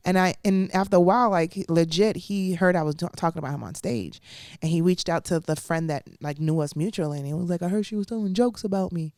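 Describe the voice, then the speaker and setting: A woman's voice: on the low side, quick pace, a little mellow, no room sound, studio quality. Blunt, profane woman telling a story. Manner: blunt, profane, laughs often, acts out quoted voices. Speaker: comedian guest. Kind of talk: casual storytelling interview.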